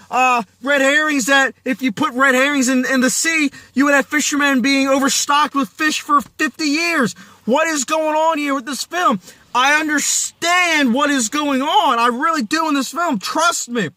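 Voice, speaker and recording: A man's voice: very high voice, pushed and bright, no echo. A man reviewing a film in a casual video, ranting in exasperation, losing his voice and talking straight to his viewers. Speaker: movie reviewer.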